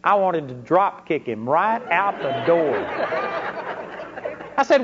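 Male preacher with a high voice, folksy sermon delivery, punchy emphasis. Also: very animated, a little slow, long pauses, a crowd in the background, background noise. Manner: folksy storytelling with bursts of emphasis. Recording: dull lo-fi recording.

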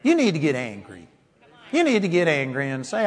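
A high-pitched male preacher delivers a fiery sermon, his voice climbing into shouts and dipping into mocking whines. The sound carries a long reverb from a large hall. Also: wildly swooping pitch, brisk, breathy edge. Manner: impassioned, building to shouts, mocking whiny voices.

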